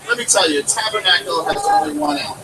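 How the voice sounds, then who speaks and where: A man voicing a complaining, long-suffering biblical man who grumbles indignantly, recorded on a distant mic with loud background noise. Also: sits high, expressive, fast talker, a loud crowd. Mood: aggrieved. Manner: indignant, whining in mock-biblical speech.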